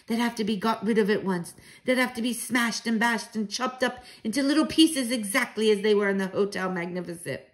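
A woman's voice: on the high side, brisk, hardly any pauses, voice pushed up, close to an everyday voice. A woman reading aloud, voicing a spirited old grandmother who speaks emphatically and commandingly. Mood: fervent. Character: fierce, spirited old grandmother witch-hunter.

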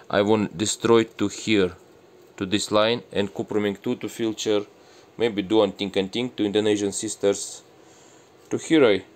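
A man with Russian as his first language shows his home plants in casual broken English, mixing in Indonesian and Arabic words. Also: fairly low pitch. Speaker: gardening vlogger. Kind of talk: casual garden walkthrough.

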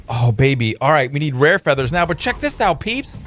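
A man hosting a let's play, commenting on gameplay in an excitable, joking way with many exclamations. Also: fairly high pitch, fairly quick, hardly any pauses.

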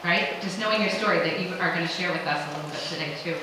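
A woman's voice: fairly low pitch, fast talker, noisy background. A woman pastor giving a conversational, emphatic sermon to her congregation. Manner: conversational, emphatic, quoting imagined questions. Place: church sanctuary. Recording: echoey church from far off.

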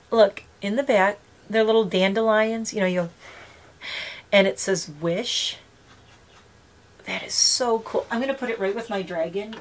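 A woman in her fifties chatting casually as she unboxes gifts on her vlog, gushing and talking to her pet bird. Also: medium pitch. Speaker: vlogger.

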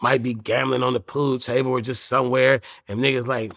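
A man's voice: mid-range voice, fairly quick, hardly any pauses, pushed and bright. Laid-back profane man telling stories. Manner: laid-back, profane, quotes people in voices. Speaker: interview guest, rapper. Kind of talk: casual storytelling interview.

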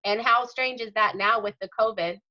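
Earnest woman author as interview guest, bright tone, dull lo-fi sound. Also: fairly high pitch, normal speed. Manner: earnest, detailed explaining. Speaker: author and mother. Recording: dull lo-fi audio.

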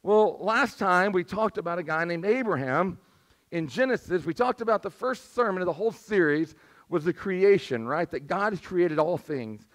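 Male pastor, high voice, squeaky and strained, conversational sermon delivery. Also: lively intonation, normal speed. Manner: conversational preaching, asks the congregation for responses. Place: church sanctuary.

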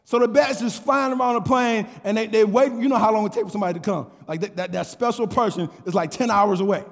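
High voiced pastor man preaching, stumbles and repeats words, gets loud, big echoey hall. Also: quick pace, gravelly. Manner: storytelling with call and response, repeats words, rising to shouts. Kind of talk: sermon.

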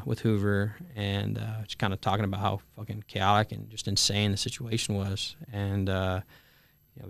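A man's voice: on the low side, gravelly, no room sound. A young man in his twenties telling a war story in casual conversation, full of fillers and swearing, acting out the dialogue. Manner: frequent fillers and swearing, acts out quoted dialogue. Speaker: Marine telling his story as a podcast guest.

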